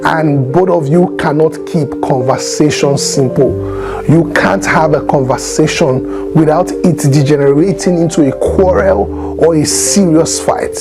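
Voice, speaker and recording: A man's voice: a little high, unhurried, over music, poor audio. A man giving marriage advice straight to the camera, emphatic, repeating his points and acting out tones of voice. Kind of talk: direct-to-camera advice talk.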